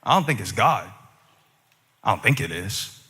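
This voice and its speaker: A middle-aged male pastor preaching a sermon, moving from casual talk into shouted, sing-song emphasis. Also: fairly low pitch, sing-song, moderate pace, husky, big-room sound.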